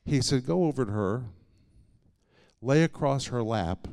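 A male preacher telling a personal story in a sermon, with dramatic swings between hushed lines and loud, emphatic ones. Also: medium pitch, animated, a little slow.

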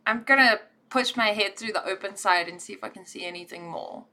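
A woman takes part in a tabletop role-playing game as a player. She describes her character's actions briskly and decisively, in a bright voice. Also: mid-range voice.

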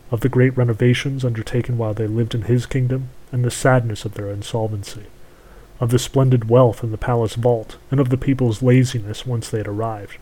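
A man reading a long fairy tale aloud in measured, unhurried storybook narration. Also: mid-range voice, warm tone, low-quality recording.

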